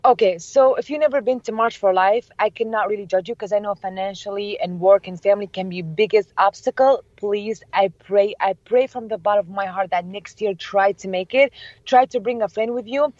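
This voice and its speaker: A young woman and interview guest whose first language is Chaldean, telling excited stories with many laughs and acted-out quotes. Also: mid-range voice, brisk, no echo. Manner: animated, laughs often, acts out quotes. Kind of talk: excited storytelling. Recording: dull lo-fi, dry.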